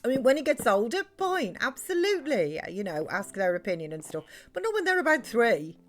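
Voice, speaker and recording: A woman's voice: a little high, very animated, a little fast, faint music behind. A middle-aged British woman chatting loosely while streaming a game, rambling with many fillers and restarts. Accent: British English. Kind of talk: casual chat while live-streaming a game.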